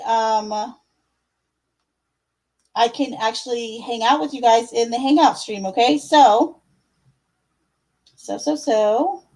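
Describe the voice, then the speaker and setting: A woman's voice: sits high, darkish tone, poor audio. Chatty woman reading tarot on a live stream. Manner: chatty, filler-heavy, affectionate with viewers. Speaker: livestream tarot reader.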